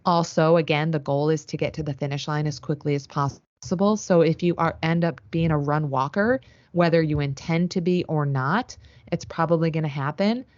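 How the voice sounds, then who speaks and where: Podcast co-host, female, low voice, steady coaching tone, dry and dull audio. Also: normal speed, no echo. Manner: steady, explains coaching tips. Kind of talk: casual chat.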